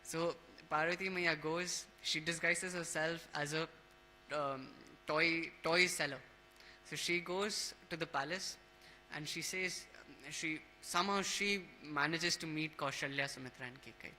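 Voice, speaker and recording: A man leading a temple scripture class, telling a devotional story in a casual, halting way, with many fillers and restarts. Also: fairly high pitch, fairly even intonation, pushed and bright, a little hiss or hum, poor audio.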